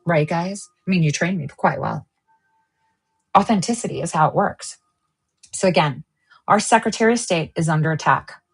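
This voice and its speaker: A woman's voice: mid-range voice, creaky, slightly rough. A woman hosting her own online show, ranting angrily and swearing, jumping from one topic to the next. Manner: heated, swearing, jumps between topics. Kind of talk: angry political rant.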